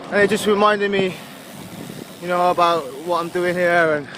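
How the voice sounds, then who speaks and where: A man's voice: high-pitched, fairly even intonation, moderate pace, background noise. A man from England with a Gloucestershire accent, rambling in a casual video diary while riding his bike outdoors, full of fillers. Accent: Gloucestershire English. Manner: rambling, chatty, with frequent fillers and laughs. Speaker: touring cyclist vlogger. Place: outdoors on a roadside while cycling.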